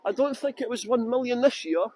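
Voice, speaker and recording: The guide's voice is very high-pitched, expressive, darkish, and a little fast, captured in a rough recording from his handheld phone. Out on city streets for a live walking tour, he laughs often, jokes around, and replies to viewers' comments.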